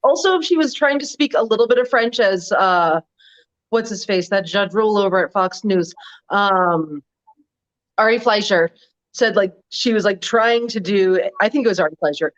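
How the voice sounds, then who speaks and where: A woman with a medium-pitched voice talks at normal speed as co-host of a casual political chat over a video call. She's blunt and wry, sprinkling in lots of "like" and "um," and the audio is dull and lo-fi.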